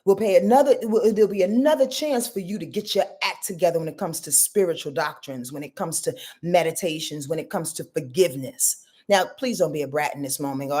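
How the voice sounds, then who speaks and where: A woman's voice: lowish voice, a little fast, few pauses, dark tone, husky. A woman hosting a live-stream astrology reading, blunt and profane, addressing viewers directly as y'all and boo-boo. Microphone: webcam or phone on a live stream.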